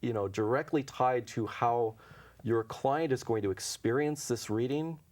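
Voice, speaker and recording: Unhurried and a little mellow, this medium-pitched male voice belongs to an intuition teacher under interview in a local TV studio. His storytelling is casual and anecdotal, with acted-out dialogue and plenty of chuckles.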